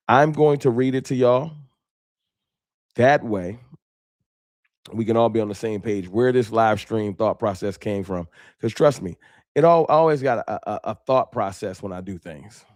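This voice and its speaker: A man with a slight lisp hosting a casual sports talk live stream, talking straight to his chat in slangy, animated bursts. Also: lowish voice.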